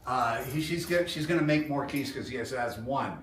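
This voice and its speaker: A man explaining the layout of a house in a halting way, with restarts. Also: medium pitch, a bit bright, a little hiss or hum. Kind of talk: casual explaining. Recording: roomy, from off-mic.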